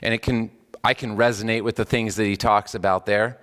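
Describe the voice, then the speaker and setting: A male pastor preaching a sermon in a church. He swings between raised, emphatic lines and low, solemn ones, with casual asides between scripture readings. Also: a little fast, long reverb tail. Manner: animated preaching with wide swings in pitch and loudness, dropping low on solemn words. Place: church sanctuary.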